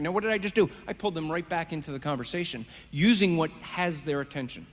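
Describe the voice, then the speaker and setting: Man, high register, energetic live-demo teacher; reverberant hall sound. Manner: animated, talks fast with quick restarts. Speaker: evangelism trainer. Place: conference stage.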